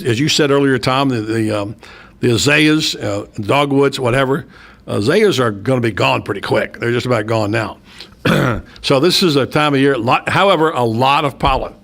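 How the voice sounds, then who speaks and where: A man hosting a local radio talk show in a studio, chatting casually in a rambling way with frequent restarts and excitable asides. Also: mid-range voice, moderate pace, creaky. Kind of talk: casual on-air chat.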